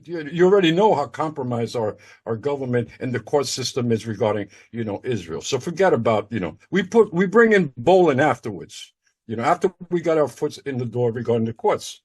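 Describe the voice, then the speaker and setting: Rambling male caller in an online group chat, animated, somewhat high-pitched. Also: husky. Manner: rambling, repeats words, lively pitch. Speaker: participant in group call. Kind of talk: casual group discussion.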